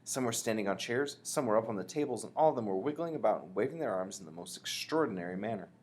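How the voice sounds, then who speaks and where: A man reading a children's book aloud, expressively, pausing to explain. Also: on the low side, lively intonation, a little mellow. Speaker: reader.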